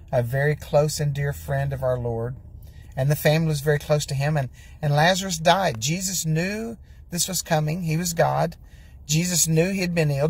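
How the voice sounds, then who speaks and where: A man's voice: on the high side, a little hiss or hum. A man preaching an earnest sermon from his parked truck, reading scripture aloud and repeating questions for emphasis. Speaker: pastor.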